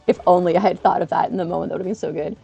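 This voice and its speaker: A young woman streamer chatting casually to her live-stream viewers, acting out quoted people in an animated way and laughing often. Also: racing, gravelly, breathy edge, lo-fi sound, soft background music. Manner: animated, acts out quotes with big pitch jumps. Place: living in Japan.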